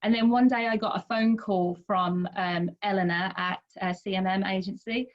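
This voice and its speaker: A woman answering as a guest author in a relaxed, hesitant way with many ums. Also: medium pitch, moderate pace, highs cut off. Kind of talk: casual interview chat.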